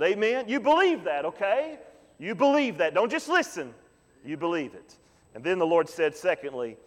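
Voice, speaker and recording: A man preaching a Sunday sermon as pastor, often asking the congregation "Amen?" and repeating key lines slowly for emphasis. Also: high voice, big pitch swings. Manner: preaching with call-and-response "Amen?" asides. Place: church sanctuary. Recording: long hall reverb.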